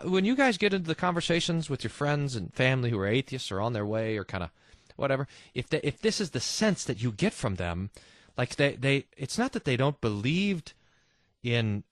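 A man hosting a casual religious talk show, reading listener quotes and mimicking people in quick asides. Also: medium pitch, no room sound, clean studio sound. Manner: animated, mimics voices in asides. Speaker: host.

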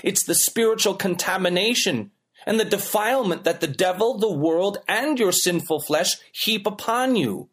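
A man's voice: sits high, normal speed, slightly rough. A man preaching a sermon as a pastor, emphatic and rhythmic, with repeated phrases building up.

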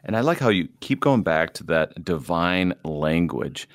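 A man, a preacher, chatting about scripture in an animated, self-deprecating way and quoting verses. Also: deep voice, unhurried, no echo, studio quality. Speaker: preacher and co-host. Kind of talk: conversational Bible discussion.

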